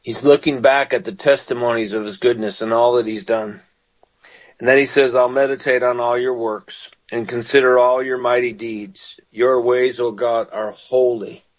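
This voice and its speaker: A man's voice: medium pitch, fairly even intonation, normal speed, rough recording. A man preaching on a call-in radio show, reading scripture aloud and explaining it in an earnest, repetitive way. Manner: earnest, repeats phrases, reads scripture aloud then explains it. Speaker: radio minister and host.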